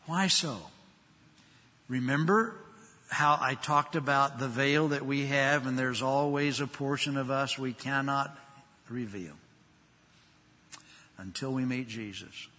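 A man's voice: medium pitch, slow, long pauses. Older man preaching in a reverberant hall. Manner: emphatic, swings from loud to soft. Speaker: pastor. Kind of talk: sermon.

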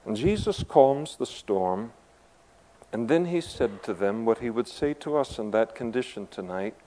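A man preaching a sermon as a pastor, emphatic, with conversational asides, swinging between quiet and loud passages. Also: medium pitch, expressive, a little slow, low-quality recording.

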